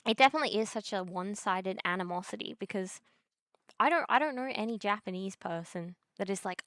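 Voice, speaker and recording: A woman's voice: mid-range voice, lively intonation, brisk, fairly bright tone, no room sound. A young woman streamer in a casual chat, ranting bluntly with lots of swearing and slang while reacting to chat.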